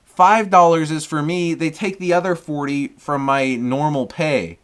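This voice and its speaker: Young guy rambling funny delivery stories, slightly high voice, laughs a lot, swears, acts out everyone. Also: a little slow, clean tone. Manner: animated, swears a lot, laughs mid-sentence, acts out quotes. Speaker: food delivery driver and vlogger. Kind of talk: casual storytelling monologue.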